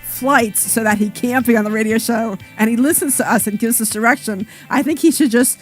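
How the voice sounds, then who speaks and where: A woman's voice: fairly high pitch, a little fast, soft background music. Chatty woman radio co-host. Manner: rambling storyteller, laughs often, lots of "you know" and "like". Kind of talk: casual radio chat.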